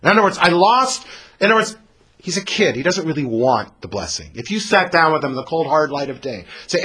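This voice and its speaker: A man teaching a scripture lesson, dramatic, swinging from loud to hushed. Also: high voice, sing-song, moderate pace, husky.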